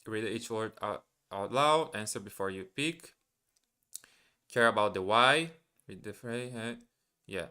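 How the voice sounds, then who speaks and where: A man talks unhurriedly into a desk mic on a live stream, working through practice words and repeating them to himself. His tone is bright and a little tense, and he often stops mid-thought to question himself. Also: on the low side, lively intonation, unhurried, clear, resonant tone. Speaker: live streamer learning German. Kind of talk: casual live stream, thinking aloud.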